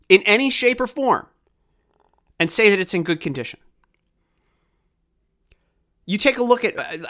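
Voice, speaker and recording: A man's voice: on the high side, bright, forceful tone. A man from Baltimore hosting a podcast, ranting in heated, sarcastic political commentary. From Baltimore, USA. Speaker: podcast host.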